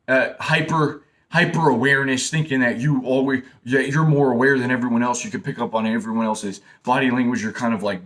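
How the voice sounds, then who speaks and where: A man's voice: mid-range voice, a bit bright. A young man giving casual, blunt advice straight to his listeners. He repeats himself and keeps calling them man and bro. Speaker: self-help talker. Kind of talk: casual direct-to-camera advice talk.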